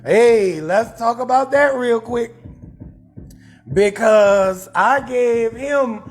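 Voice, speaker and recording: A man from New Orleans with a New Orleans accent, a comedian hosting a live stream and roasting someone in a loud, profane rant with shouted bursts. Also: very high-pitched, drawn-out words. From New Orleans, USA.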